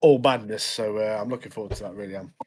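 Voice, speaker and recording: A man's voice: lowish voice, steady tone, fast, noisy background. A young man, co-hosting a podcast in easygoing casual chat, often laughing. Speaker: podcast co-host.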